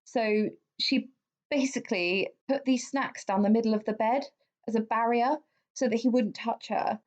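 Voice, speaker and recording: A woman's voice: fairly high pitch, fairly even intonation, moderate pace. Woman telling a true-crime story. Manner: chatty, swears freely, many fillers. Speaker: podcast co-host. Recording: dull lo-fi sound.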